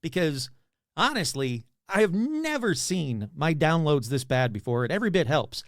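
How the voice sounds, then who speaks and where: Animated, chatty male podcast host. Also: on the high side, normal speed, no echo, studio quality. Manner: chatty, rambling, self-deprecating. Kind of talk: casual podcast monologue.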